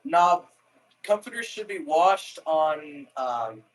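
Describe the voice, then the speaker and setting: A man's voice: a little high, animated, slow, rough recording. A man hosting a livestream, chatting casually in a dry, teasing, matter-of-fact way with plenty of swearing. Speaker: streamer, host.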